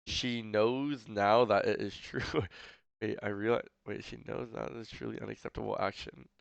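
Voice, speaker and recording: A man's voice: fairly low pitch, fairly even intonation, moderate pace, vocal fry, no echo, dull audio. A man streaming a casual reaction, rambling and incredulous, with a slight lisp. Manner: rambling, incredulous, full of fillers.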